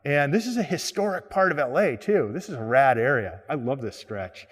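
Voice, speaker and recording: A man introduces his guest on location at a street corner, friendly and halting with frequent fillers. His voice is mid-pitched, with a long reverb behind it. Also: animated, slightly rough. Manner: friendly, hesitant with many fillers. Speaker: host.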